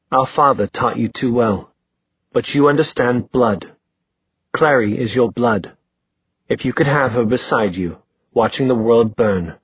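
A man's voice: mid-range voice, husky, no room sound, close to an everyday voice. A man doing a scornful young fighter. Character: proud young male fighter, scornful and sarcastic. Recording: dry tinny phone-like sound.

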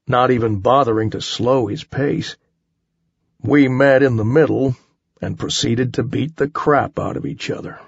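A man narrates a first-person action story in a measured, wry voice. His tone is gravelly and a little husky. It is recorded close and dry, with a dull, slightly muffled sound. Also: mid-range voice, no room sound. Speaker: audiobook narrator.

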